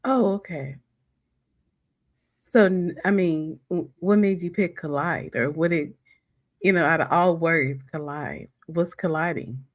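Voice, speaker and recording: Chatty woman with a low voice. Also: unhurried. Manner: chatty and giggly, rambling. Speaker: livestream guest. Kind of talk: casual livestream chat. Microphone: new microphone.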